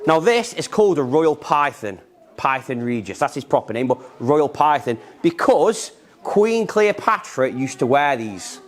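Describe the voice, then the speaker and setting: Excited man teaching about snakes. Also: fairly high pitch, unhurried. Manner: enthusiastic, repetitive explaining with a handling demo. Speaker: reptile keeper giving an animal talk. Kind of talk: live educational talk to children. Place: indoor museum room.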